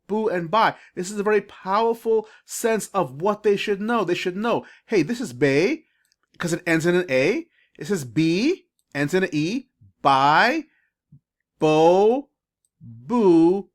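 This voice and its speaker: An eager reading coach drawing out syllables. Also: medium pitch. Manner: enthusiastic, emphatic, stretches out syllables slowly; coaxing, asks listeners direct questions. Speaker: reading coach teaching parents. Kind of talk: screen-share phonics lesson for parents.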